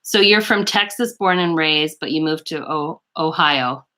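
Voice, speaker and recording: Canadian woman beauty vlogger, low but bright voice, rambling casual live chat with her viewers. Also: normal speed. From western Canada. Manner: chatty and rambling, full of fillers and asides.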